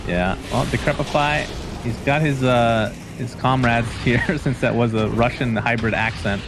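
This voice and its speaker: Excitable male play-by-play caster over music. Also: mid-range voice. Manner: excitable, joking, quick calls. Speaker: esports caster. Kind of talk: play-by-play commentary.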